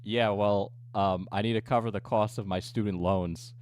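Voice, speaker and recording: A coffee business owner livestreams, chatting casually with viewers, joking and launching into profane rants punctuated by frequent laughter. His lowish voice is steady and somewhat dark, at a moderate pace.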